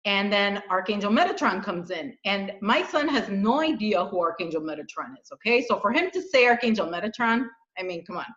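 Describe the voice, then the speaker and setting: A woman hosting a casual spiritual chat, telling her story in an earnest, animated way with frequent restarts. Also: medium pitch, a little fast, few pauses. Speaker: channel host. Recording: dull echoey room sound.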